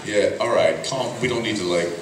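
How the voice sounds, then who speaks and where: A man's voice: lowish voice, unhurried. Teasing man echoing across a convention hall. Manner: teasing, laughing, playful. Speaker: convention panel guest. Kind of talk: joking panel banter. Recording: echoey hall from far off, loud noise.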